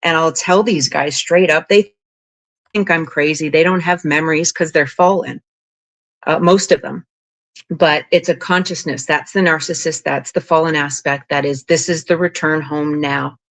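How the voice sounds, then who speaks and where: A woman guest on an interview podcast, telling long spiritual stories in a rambling, animated way, full of "like" and "you know". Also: low-pitched, normal speed. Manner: rambling, animated, frequent 'like' and 'you know'. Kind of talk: casual interview storytelling.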